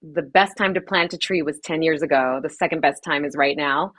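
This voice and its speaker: Fast-talking, laughing woman DJ. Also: deep voice, a bit bright. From Los Angeles. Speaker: DJ and streamer guest. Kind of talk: casual podcast interview.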